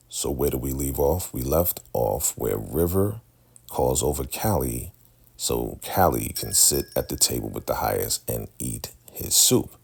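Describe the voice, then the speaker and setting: A man casually recapping a TV episode, telling the story in an animated way and slipping into the characters. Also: extremely low pitch, unhurried, vocal fry, breathy edge. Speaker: show recap host.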